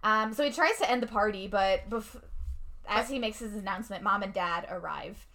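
Young female co-host, bright tone, casual recap, lots of fillers and laughter. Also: mid-range voice. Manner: laughs often, quick reactions, many fillers. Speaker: podcast co-host recapping a film. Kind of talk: casual chat.

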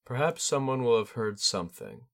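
A reserved young noblewoman speaks flatly, with a dry, guarded edge, as a male narrator voices her. The voice is pitched well above his own. Her manner stays quiet and cautious throughout the storybook reading. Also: normal speed, vocal fry. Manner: flat, guarded, quietly sarcastic.

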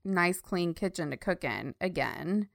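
A woman co-hosting a podcast in casual chat, chatty and giggly, squealing high when excited. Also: a little slow, creaky, dry recording, clean studio sound. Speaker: podcast co-host.

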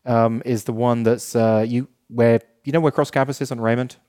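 A man's voice: medium pitch, fairly even intonation, normal speed, dark tone, clear, resonant tone. Conversational male podcast co-host. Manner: conversational, with short back-channel replies. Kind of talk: casual chat.

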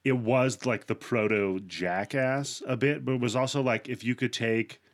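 A man's voice: mid-range voice, moderate pace. A man on a casual podcast, telling stories animatedly and acting out the people in them. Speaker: podcast co-host. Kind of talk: casual chat.

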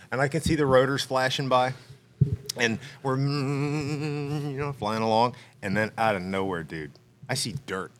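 A man on a podcast, telling a personal story in a casual, animated way, acting out the dialogue and laughing as he goes. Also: mid-range voice.

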